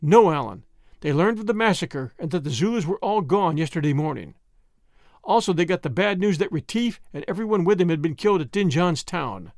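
A man reading an audiobook voices a gentle young woman in grief, speaking quietly and earnestly. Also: high-pitched, lively intonation, brisk, dry recording, studio quality.

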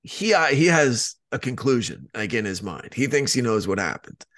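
Guy on a podcast rambling along, swears constantly, keeps restarting his sentences, medium pitch. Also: big pitch swings, moderate pace, fairly bright tone. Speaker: podcast co-host. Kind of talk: casual chat.

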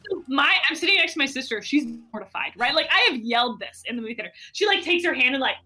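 A woman guest telling a personal story in an animated, excitable way, peppering her speech with "like". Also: sits high, quick pace. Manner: excitable, heavy use of "like". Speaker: guest entrepreneur.

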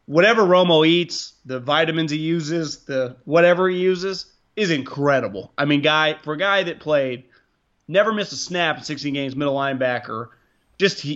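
A man's voice: fairly high pitch, moderate pace, fairly bright tone, highs cut off. A man hosting a casual sports podcast, rambling and restarting his sentences, with frequent swearing. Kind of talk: casual sports talk with profanity.

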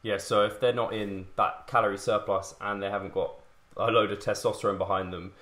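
A man's voice: on the low side, fairly even intonation, a little fast, a bit bright. A man in a casual podcast chat, talking in an agreeable, laid-back way. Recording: echoey room.

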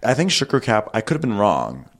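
Low-voiced rambling man recapping a movie. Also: huge pitch swings, a little fast, a bit bright. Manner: rambling, many fillers, wry. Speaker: podcast co-host. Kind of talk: casual chat recapping a film.

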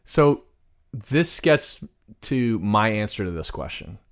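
A man co-hosting a music podcast, talking earnestly and deliberately, reading lyrics aloud. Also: lowish voice, big pitch swings, clean tone. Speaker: podcast co-host. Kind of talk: casual music podcast chat.

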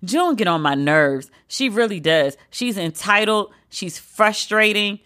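Woman podcast host, sassy, sarcastic, animated, mid-pitched, solo commentary. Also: measured pace. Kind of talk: solo pop-culture commentary.

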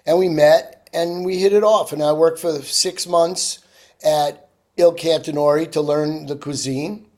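A man's voice: a little high, fairly even intonation, a little slow, a little mellow. A man, a chef telling stories in casual chat, full of "you know". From New York. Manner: rambling storyteller, frequent "you know".

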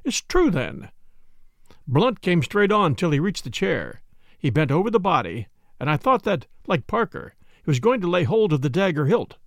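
Male audiobook reader, measured first-person narration; gravelly, lively, close and dry. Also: a little high, no echo. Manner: measured storytelling.

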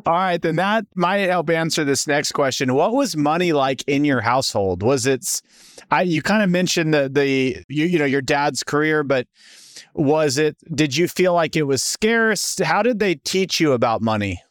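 Smooth-voiced man asking questions. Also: fairly high pitch, lively intonation, moderate pace, no room sound, studio quality. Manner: curious, asks several questions at once. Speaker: podcast host. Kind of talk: interview questions.

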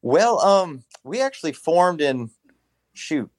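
A man's voice: a little high, big pitch swings, slow. A man from South Carolina with a light Southern accent, a musician guest rambling easily in a casual interview. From Charleston, South Carolina. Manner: laid-back, rambling with fillers.

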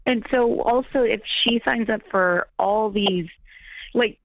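A woman calling into a radio advice show, talking in a hesitant, halting way. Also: fairly high pitch, dry recording. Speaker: caller. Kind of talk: call-in conversation. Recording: dull phone line.

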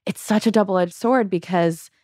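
A woman's voice: mid-range voice, normal speed, darkish tone, dry recording, clean studio sound. A woman in her twenties from Illinois, a podcast guest talking in a thoughtful, chatty way. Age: 20s. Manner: thoughtful, hedging with fillers. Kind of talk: casual podcast chat.

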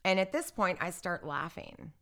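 Speaking at a moderate pace in a lowish voice, this interview guest shares a personal story casually. Her retelling is animated and full of filler, heavy on "like" and "I'm like," as she acts out other people's lines.

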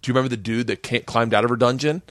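A man's voice: medium pitch, fairly even intonation, racing, dry recording, studio quality. A man casually telling a wild story, laughing often and acting out the quotes himself. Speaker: podcast guest.

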